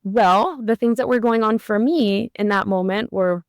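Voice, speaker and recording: A woman in her thirties, a therapist co-hosting a podcast, telling a parenting story in an animated way and acting out the lines she quotes. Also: medium pitch, a little slow, no echo, clean studio sound. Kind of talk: conversational podcast discussion.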